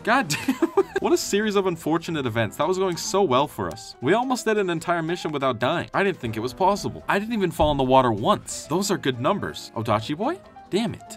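A young man giving excitable, jokey gameplay commentary and trash-talking enemies as he plays. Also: a little high, quick pace. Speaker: gaming youtuber. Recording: faint game music behind.

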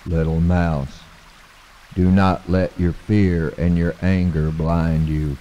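Man doing a wise old frog, deep voice, slow and patient, long hall reverb. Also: level tone, dark tone, muffled recording. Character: wise calm old male frog, keeper of the river.

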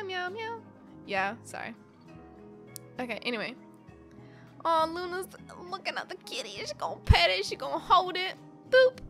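Bubbly, bright-voiced young woman gushing. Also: sits high. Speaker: YouTuber. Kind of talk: reading and reacting to a webcomic.

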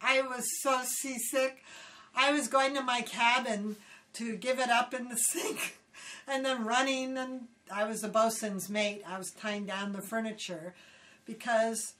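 An older woman from Hawaii, casually telling animated stories in an interview and acting out quoted voices. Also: on the high side, unhurried. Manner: animated, acts out quotes loudly, laughs often. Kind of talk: casual storytelling. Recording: voice somewhat distant from the mic.

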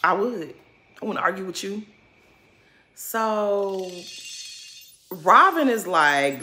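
Female vlogger, sassy and blunt, bright and forceful tone, recap style. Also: mid-range voice, animated, takes it slowly, long pauses. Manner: sassy, blunt, addresses viewers as girl. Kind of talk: casual recap commentary.

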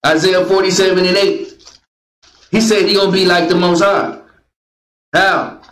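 Guy with a high voice preaching a bible lesson, bossing the reader around, roomy echo. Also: little pitch movement, moderate pace, a bit bright. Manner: calls out commands to a reader, jokes with the crowd. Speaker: Bible teacher. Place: meeting room with a group.

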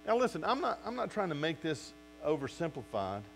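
This pastor's voice is on the high side, brisk and creaky, heard through poor audio with a little hiss or hum. He preaches with animation, speaking straight to his listeners and acting out their quotes.

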